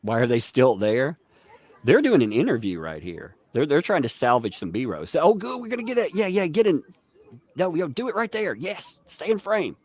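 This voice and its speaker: A man's voice: fairly high pitch, moderate pace. A man hosting a live stream, joking and commentating casually while reading viewer messages aloud. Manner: joking, animated, reads chat aloud. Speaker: livestream host.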